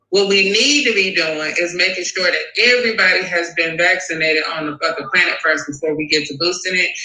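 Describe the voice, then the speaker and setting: A man with a bright, tense, fairly high voice, ranting in an animated, sarcastic, profane way. He hosts a call-in talk show. The sound is echoey, like a bare room. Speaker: host. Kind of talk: profane political rant and call-in chat.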